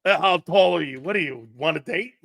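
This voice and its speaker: A brash male sports talk host with a high, sharp, bright voice. He rants in a loud, mocking and profane way and often shouts. The sound is close and dry. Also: a little fast, vocal fry, no echo.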